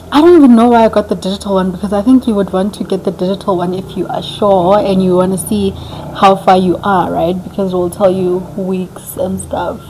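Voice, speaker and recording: A young woman tells a personal story straight to the camera in a chatty, animated way, slipping into the voices of the people in it. Her voice is mellow and soft-edged at an average pitch. A faint hiss of background noise sits under the recording. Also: low-quality recording. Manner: animated, chatty, acts out quoted dialogue. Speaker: vlogger. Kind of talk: casual storytelling.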